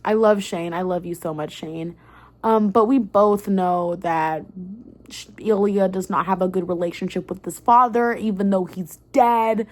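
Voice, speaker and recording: A young woman book vlogger recaps a book in an excitable, casual rant, swearing freely and peppering her speech with "like" and "um." Her voice sits at a medium pitch and moves at a measured pace.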